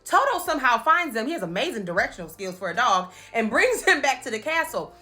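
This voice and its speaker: A woman recapping movies in a playful, animated comedic commentary, laughing often and slipping into quick impressions. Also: a little high, soft background music. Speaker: commentary host.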